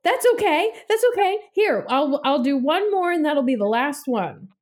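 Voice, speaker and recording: A woman with a fairly high voice hosts a relaxed podcast conversation from a home setup. She keeps things playful and laughs easily between remarks. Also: moderate pace. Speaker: podcast host. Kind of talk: casual chat.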